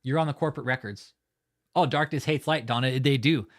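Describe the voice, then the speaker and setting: A man's voice: mid-range voice, a little fast. A man hosting a live stream, talking in a heated, profane rant and often swearing. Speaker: livestream host. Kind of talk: angry live-stream commentary.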